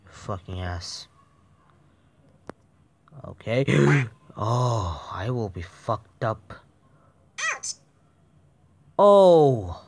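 A man's voice: lowish voice, animated, very slow, vocal fry, pauses often, slightly rough, no room sound. A frustrated man commenting on a phone game, swearing constantly and swinging between muttered whispers and sudden yelps. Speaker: mobile game player. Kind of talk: gaming commentary.

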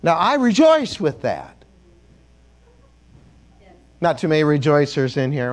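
A man's voice: fairly high pitch, very animated, takes it slowly, long pauses, slight background noise. A man preaching a sermon as a bishop in a church, joking and calling on the congregation to repeat words after him.

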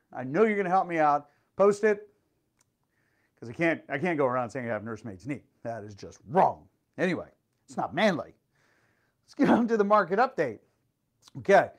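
A middle-aged man working as a real estate agent, telling a story and giving a market update in a chatty, playful way, with lots of fillers and exclamations. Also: high-pitched.

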